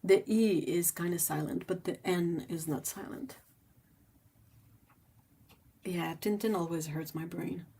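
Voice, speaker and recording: Chatty woman, lowish voice. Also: fairly even intonation, measured pace, vocal fry, pauses often, mellow, slight background noise. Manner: chatty and rambling, many fillers. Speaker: livestream host. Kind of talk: casual chat while painting.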